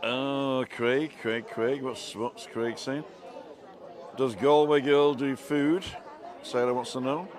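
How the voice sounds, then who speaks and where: A man chats casually on a live stream, his voice at an ordinary middle pitch. He reads out viewer comments as he goes. Crowd chatter from a busy outdoor bar carries clearly behind him. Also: steady tone, slow pace.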